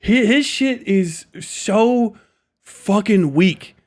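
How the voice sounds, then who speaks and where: A man's voice: high voice, expressive, very slow, a little mellow. A young man from Ohio ranting on a livestream, swearing constantly and laughing at his own jokes. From Ohio, USA. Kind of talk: profane live-stream rant.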